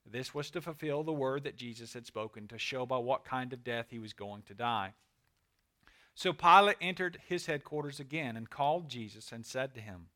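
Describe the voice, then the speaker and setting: A man, a pastor, reading scripture aloud and praying in an earnest, measured way. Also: medium pitch, bright, forceful tone.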